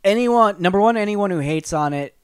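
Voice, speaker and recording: A man co-hosting a podcast in casual chat, talking in a rambling, animated way with many fillers and restarts. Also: high-pitched, brisk, clear, resonant tone, dry recording, studio quality. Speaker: podcast co-host.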